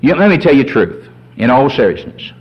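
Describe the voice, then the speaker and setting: A man preaching a sermon as a pastor, folksy and animated, telling humorous stories. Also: medium pitch, a little fast, breathy edge. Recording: dull lo-fi sermon recording.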